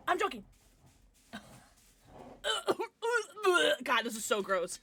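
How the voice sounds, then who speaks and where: Bubbly, lively young woman livestreamer. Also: sits high, very slow, pauses often, a little hiss or hum. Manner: giggly and rambling, many likes and restarts. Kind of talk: casual livestream chat with viewers.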